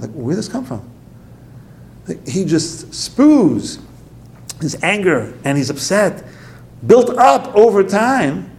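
Gravelly man teaching a Torah class. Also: very animated, slow pace, long pauses, a little mellow. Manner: storytelling, acts out quotes with sudden high outbursts. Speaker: rabbi giving a class.

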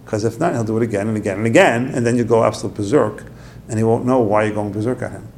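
Gravelly man teaching a Torah class. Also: fast talker, darkish tone, slight background noise. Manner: storytelling, acts out quotes with sudden high outbursts. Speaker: rabbi giving a class.

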